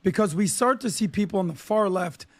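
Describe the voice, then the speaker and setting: A man commenting on politics in casual chat, talking in an animated, preachy way. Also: high voice, fairly quick, no room sound. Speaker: guest commentator.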